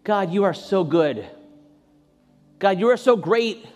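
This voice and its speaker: A man's voice: lively intonation, slow pace, big-room sound, faint music behind. A man preaching as a pastor, then leading an impassioned prayer that swells at its peaks. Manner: impassioned prayer, rising high and loud at peaks. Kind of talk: sermon closing and prayer.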